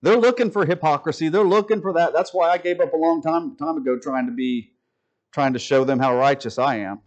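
A man's voice: a little high, brisk, highs cut off. A man preaching a sermon from the pulpit, folksy and joking with the congregation. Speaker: pastor. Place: church sanctuary.

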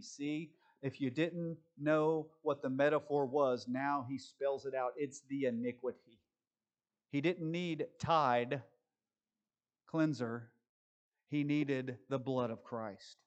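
A man preaching a sermon, moving between quick conversational asides and slow, deliberate scripture reading. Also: a little high. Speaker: pastor.

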